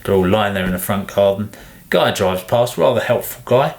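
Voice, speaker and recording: A man's voice: on the low side, animated, normal speed, vocal fry. A British man co-hosting a podcast, chatting casually and animatedly, putting on voices when he quotes people. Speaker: podcast co-host. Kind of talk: casual chat.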